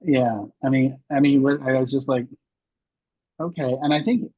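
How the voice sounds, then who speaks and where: Guest, man in his sixties: husky, candid storyteller, dry dull lo-fi sound. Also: mid-range voice, little pitch movement, normal speed, dry recording. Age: 60s. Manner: rambling, many restarts and fillers. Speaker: podcast guest.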